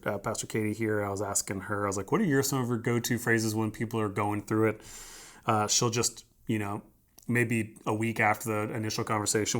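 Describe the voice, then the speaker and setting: Low-voiced man preaching conversationally. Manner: conversational, emphatic preaching with frequent "right?" and repeated phrases. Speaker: pastor. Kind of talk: sermon.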